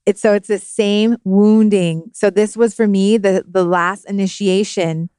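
A woman's voice: medium pitch, steady tone, measured pace, warm tone, smooth, no echo. A woman in her thirties, a podcast guest, telling a heartfelt personal story in an earnest, spiritual way, recorded in a studio. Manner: earnest, spiritual, emotional at times.

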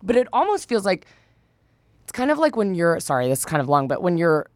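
Young female co-host, loose rambling chat, low-pitched, dry studio mic. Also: sing-song, brisk, a little mellow, no room sound. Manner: rambling, many fillers and restarts. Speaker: podcast co-host. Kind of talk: casual chat.

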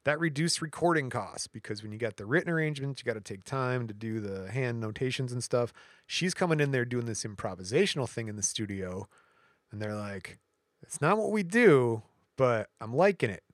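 A man's voice: mid-range voice, a little fast, no room sound, clean studio sound. A man co-hosting a podcast, casually walking through history notes with jokes and stumbles over words. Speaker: podcast co-host.

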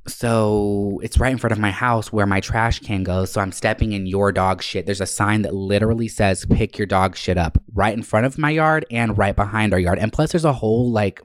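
Man vlogger, swearing, venting, low voice, dry close sound. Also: normal speed, few pauses, no echo. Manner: profane, animated, exasperated. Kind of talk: casual storytelling rant.

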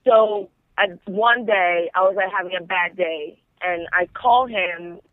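A man's voice: high voice, measured pace, no room sound. A man calling in to tell a long personal story in a casual, rambling way, with "like" in nearly every phrase. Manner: rambling, heavy use of "like". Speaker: caller. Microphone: telephone. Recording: tinny phone line.

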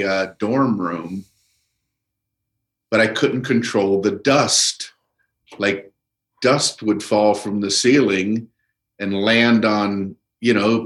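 A middle-aged man, a comedian, telling stories in a relaxed podcast chat with measured pauses. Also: on the low side, reverberant. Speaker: comedian guest.

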